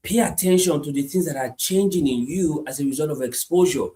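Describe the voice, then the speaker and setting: A man preaching a sermon, repeating his points emphatically and moving between hushed lines and loud climaxes. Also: a little high, a little fast. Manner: repetitive, emphatic, swings from hushed to shouting.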